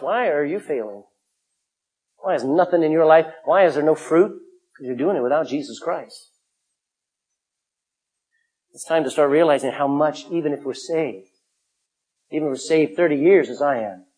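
A middle-aged male pastor preaching a sermon, emphatic, swinging from loud calls to hushed asides. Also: a little high, normal speed, long pauses, breathy edge.

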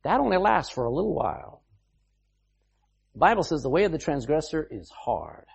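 A man's voice: fairly high pitch, huge pitch swings, moderate pace, creaky, husky. A man preaching a sermon as pastor, emphatic, reading scripture aloud and explaining it.

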